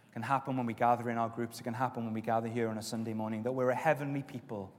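A man preaching a sermon as pastor, with stretches of loud, emphatic exhortation and softer prayer. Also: mid-range voice, level tone, racing. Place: church auditorium. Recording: long reverb of a church hall.

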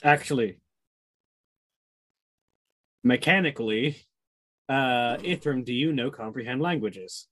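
A man's voice: mid-range voice, lively intonation, slow pace, long pauses, fairly bright tone, poor audio. A man at a tabletop game who talks in a casual, matter-of-fact way. He keeps checking how the rules work as he plays. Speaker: player.

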